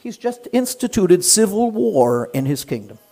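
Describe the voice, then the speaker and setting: High-voiced man teaching with rhetorical questions. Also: slight background noise. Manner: animated, fires rhetorical questions at listeners; acts out the characters in quick voices. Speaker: Torah teacher. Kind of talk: lecture on the Book of Esther to a live class.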